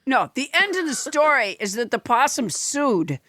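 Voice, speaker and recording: A woman's voice: high voice, sing-song, moderate pace, fairly bright tone, dry recording, clean studio sound. A woman hosting a casual comedy chat, teasing the others, joking and laughing often. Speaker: host.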